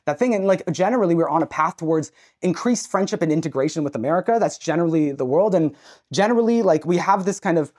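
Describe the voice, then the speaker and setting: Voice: mid-range voice, lively intonation, darkish tone. A young adult speaker with a Canadian accent, chatting as a podcast guest in an emphatic, outspoken way. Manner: fast, emphatic, swears freely. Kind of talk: casual podcast chat.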